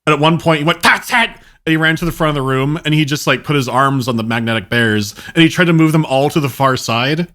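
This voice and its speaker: A man co-hosting a podcast, telling a school story in a relaxed, wry way. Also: a little high, quick pace, hardly any pauses. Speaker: podcast co-host. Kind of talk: casual chat.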